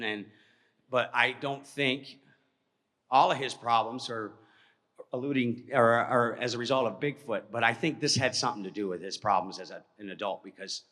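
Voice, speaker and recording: Man, bright voice, folksy storytelling to a live audience, checks in with the crowd, echoey hall, fades in and out from the mic. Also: fairly high pitch. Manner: folksy, conversational, checks in with "okay?" often; moves around while talking, voice fades as he walks off. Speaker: presenter telling an encounter story.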